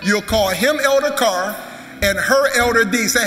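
High-voiced preaching pastor in echoey hall. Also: male voice, unhurried. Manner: preaching, urging the crowd to clap. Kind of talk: sermon. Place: large church sanctuary. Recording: echoey church hall with music.

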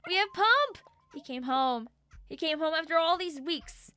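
A woman hosting a gaming channel, giving excitable, joking let's-play commentary and talking to the characters on screen. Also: extremely high pitch, unhurried, soft background music.

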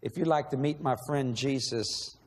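A man's voice: medium pitch, moderate pace. Pleading preacher man in a big hall. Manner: emotional, pleading, repetitive questions. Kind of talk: sermon. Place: large church auditorium. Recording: long echo of a large hall.

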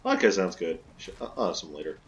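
A man's voice: sits low, huge pitch swings, brisk, lo-fi sound. Sarcastic swearing gamer man. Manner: joking, sarcastic, swears a lot. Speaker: gameplay commentator. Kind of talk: casual let's-play commentary.

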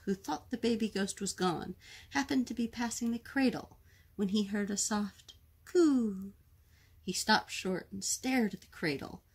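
A woman reads a children's picture book aloud with gentle expression. Her delivery is slow and unhurried, the voice very breathy and husky, at a middling pitch. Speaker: storytime reader.

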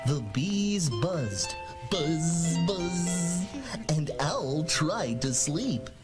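A man's voice: on the high side, animated, very slow, loud music behind the voice. A man voicing a cheerful, playful purple dinosaur on a children's TV show, with a goofy, giggly, sing-song manner as he reads a story to kids. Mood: storytelling. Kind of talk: children's TV acting.

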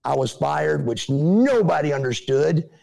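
A middle-aged man tells his stories as an interview guest, with a gravelly, slightly high voice. He is animated and acts out what others said in put-on voices. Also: a little slow. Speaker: interview guest, former pro wrestler. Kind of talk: casual storytelling.

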